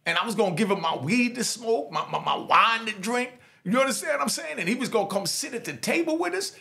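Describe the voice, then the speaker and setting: A man's voice: animated, quick pace, vocal fry. A middle-aged man from New York with a Jamaican New York accent, telling his prison stories in street slang with many "you know what I mean" asides. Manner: acts out other voices, dropping low and soft for them. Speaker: storyteller recounting prison life. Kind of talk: casual spoken storytelling.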